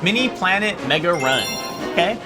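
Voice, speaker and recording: A man's voice: sits high, expressive, moderate pace. Rambling young man streaming with game music. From New Jersey. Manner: rambling, hesitant, many fillers and restarts. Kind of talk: casual live-stream chat over gameplay.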